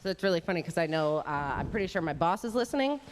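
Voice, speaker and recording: A woman from Southeast Wisconsin, a radio guest telling a story in a lively, chatty way. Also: lowish voice, in a large hall, slight background noise, poor audio. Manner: lively, chatty, quick bursts. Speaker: guest caller on radio show. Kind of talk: casual storytelling. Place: resort hotel on location.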